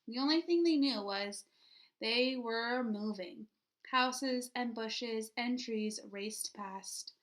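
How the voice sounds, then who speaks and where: A woman teacher reads a children's picture book aloud with lots of expression. Her voice sits a little high, and she pauses to ask her young listeners what will happen next.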